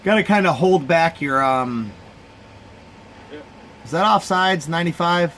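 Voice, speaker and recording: A man's voice: a little high, lively intonation, a little slow, fairly bright tone, slight background noise. A man with a slightly raised voice hosts a casual live reaction stream for a sports game. He talks in a loose, rambling way, addressing his chat directly. He sounds tired, yawning between thoughts. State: sleepy, yawning.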